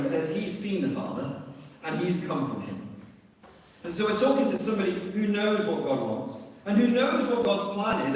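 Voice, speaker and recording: A man's voice: high-pitched, slight background noise. A man with a British accent preaching a sermon, telling stories with light humour. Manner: storytelling, lightly humorous. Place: large church hall. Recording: echoey hall from far off.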